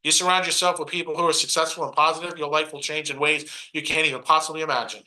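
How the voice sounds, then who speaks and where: A middle-aged man from Brooklyn, giving a motivational stage talk in a preachy, punchy way and mocking other people's excuses in quick put-on asides. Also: a little high, flat delivery, pushed and bright, low-quality recording. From Brooklyn, New York. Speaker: motivational speaker.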